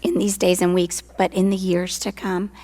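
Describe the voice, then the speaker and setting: A hoarse woman, a church staff member, speaking earnestly and from the heart at a church forum. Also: lowish voice, flat delivery, normal speed, warm tone.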